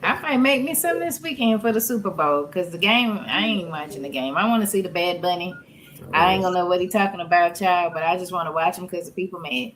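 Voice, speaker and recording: A woman's voice: fairly low pitch, a little hiss or hum, rough recording. A woman from Louisiana with a Southern American accent, co-hosting a podcast in casual chat and laughing often. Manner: laughs often, drawn-out animated delivery. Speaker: podcast co-host.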